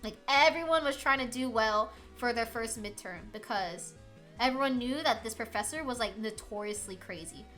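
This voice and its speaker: A young woman streamer telling a story in a high, bright voice, animated and filler-heavy. Faint music plays underneath. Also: moderate pace. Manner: animated, laughing, lots of filler words. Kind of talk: casual storytelling chat.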